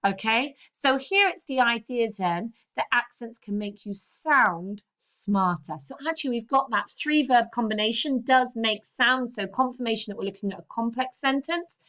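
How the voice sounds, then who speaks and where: A woman's voice: a little high, normal speed, hardly any pauses, sharp tone. Woman teacher walking through grammar. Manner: explains step by step, frequent "okay" checks. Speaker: English teacher. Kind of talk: recorded grammar lesson.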